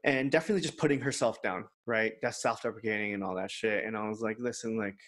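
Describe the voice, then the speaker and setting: A man's voice: fairly low pitch, fairly even intonation, fast talker, a bit bright. A man co-hosting a podcast, candidly telling a personal story in casual chat and quoting others in his own voice. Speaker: podcast co-host.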